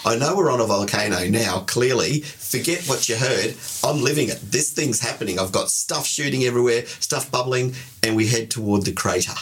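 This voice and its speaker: A man co-hosting a podcast, telling a travel story in an animated, digressive way and laughing often. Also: medium pitch, brisk, a little hiss or hum. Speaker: podcast co-host. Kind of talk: casual storytelling chat.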